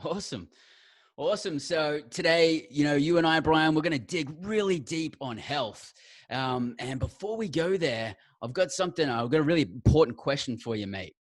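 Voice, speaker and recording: A man's voice: on the high side, normal speed, no room sound. A man hosting a podcast, talking in an enthusiastic, effusive casual way. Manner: enthusiastic, effusive, says "awesome" and "mate". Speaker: podcast host. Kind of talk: casual interview chat.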